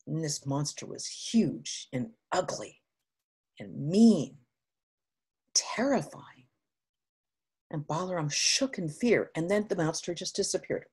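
A woman spiritual teacher giving a sermon, retelling an old legend with expressive, unhurried storytelling. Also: fairly low pitch, husky.

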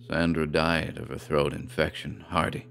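A man's voice: on the low side, flat delivery, normal speed, lightly acted. A man voicing a drunk, grieving man who speaks in a dull, expressionless, menacing way. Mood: dull menace.

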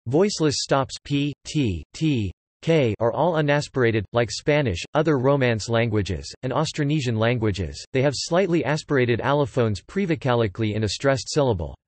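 A man's voice: medium pitch, moderate pace, no echo. Dry synthetic male reading voice. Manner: even, mechanical reading. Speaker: text-to-speech reader. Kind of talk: synthetic encyclopedia narration.

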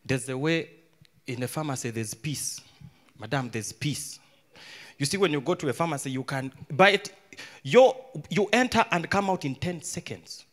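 Animated Ugandan comedian, bright voice. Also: male voice, a little high, normal speed. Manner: animated storyteller, swings between hushed mutters and loud outbursts. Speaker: stand-up comedian. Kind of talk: stand-up comedy performance. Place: live comedy stage with audience.

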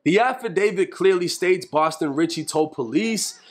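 A man giving a measured, matter-of-fact scripted narration for an investigative video. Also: high voice, animated.

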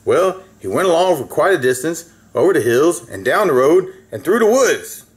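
A man's voice: a little high, big pitch swings, moderate pace. A man reading a children's story aloud in a folksy way, with asides to the listener.

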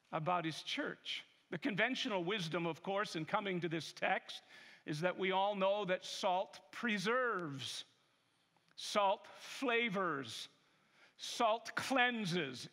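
A male pastor preaching a sermon in a church, emphatic and deliberate. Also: sits high, bright, forceful tone. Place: large church sanctuary. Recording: long hall reverb.

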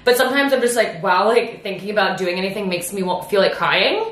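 A woman's voice: medium pitch, expressive, fairly quick, fairly bright tone. A young woman vlogging in a casual chat, rambling and self-mocking, laughing often and swearing freely. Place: at home and in her car. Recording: echoey room, faint ambient noise.

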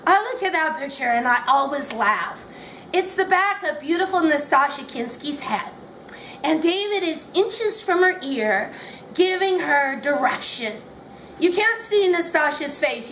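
A high, somewhat bright female voice reads a memoir at a bookshop, the author sounding wry and amused and often laughing between lines. The live setting is echoey, carrying faint background noise.

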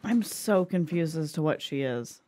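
A woman's voice: low voice, expressive, moderate pace, warm tone. A young woman co-hosting a reaction channel, chatting casually with wry, laid-back asides.

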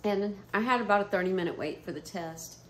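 A woman talks straight to her camera, spinning a personal story in a loose, animated way. She swears freely and laughs often, her voice sitting at an ordinary pitch. The room around her adds a noticeable echo. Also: fairly quick, a little hiss or hum. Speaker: vlogger. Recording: roomy echo.

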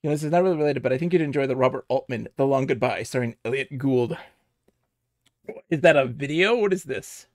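A man's voice: mid-range voice, brisk, darkish tone, no echo, clean studio sound. A man streaming a video game at home, chatting casually in a giggly, rambling way and telling stories with animation. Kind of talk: casual live-stream chat.

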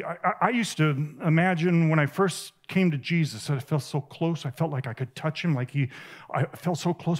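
A man's voice: on the high side, darkish tone. Earnest man preaching in vivid stories. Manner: earnest, vivid storytelling with halting restarts. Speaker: conference speaker. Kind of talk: sermon. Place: conference stage.

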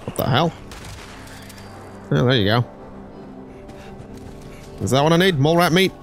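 A man's voice: on the high side, expressive, unhurried, soft background music. A man streaming a game, rambling and joking with chat in casual gameplay commentary.

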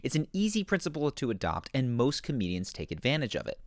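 A man hosting and narrating an explanatory video in scripted narration, with an animated, explanatory manner. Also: medium pitch, fast talker, no echo, clean studio sound. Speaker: host.

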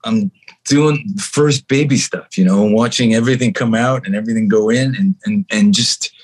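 Husky-voiced man telling a lively anecdote. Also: lowish voice, moderate pace. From Canada. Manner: animated, acts out other people's lines in shifting voices. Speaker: guest musician. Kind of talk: storytelling anecdote in a podcast chat.

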